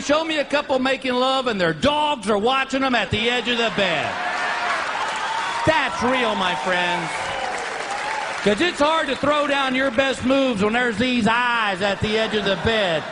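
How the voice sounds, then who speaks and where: A man performing a stand-up comedy routine on stage, telling animated stories and acting out quoted voices. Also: extremely high pitch, a little slow, crowd noise. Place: stage before a laughing audience. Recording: live show with audience noise.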